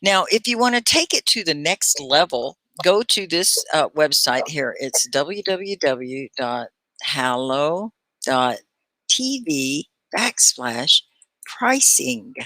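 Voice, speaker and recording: A middle-aged woman from Texas hosting a live online English lesson, chatty and clearly articulated, greeting viewers by name. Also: low voice, lively intonation, takes it slowly, pushed and bright, no room sound. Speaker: English teacher and livestream host.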